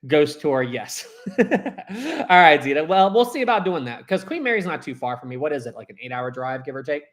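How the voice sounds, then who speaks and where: A young man hosting a casual live stream, rambling and animated, often restarting his sentences and reading viewer chats aloud. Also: fairly high pitch, a little fast.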